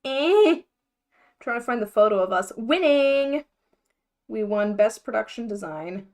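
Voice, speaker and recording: A woman's voice: fairly high pitch, animated, measured pace. Chatty young woman thinking aloud. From United States. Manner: chatty, scattered, laughs often, thinking aloud. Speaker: mermaid vlogger livestreaming. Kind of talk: casual livestream chat.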